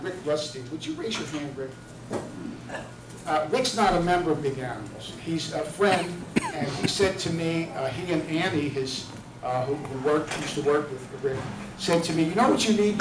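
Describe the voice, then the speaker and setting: A middle-aged man with a fairly high voice tells a personal story to a room of listeners, wandering through fillers and restarts. He is caught from a distance in a reverberant hall. Noise hums behind him. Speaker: charity founder giving a speech. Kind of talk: personal story told to an audience. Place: event room with an audience. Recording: echoey room from far off, with noise.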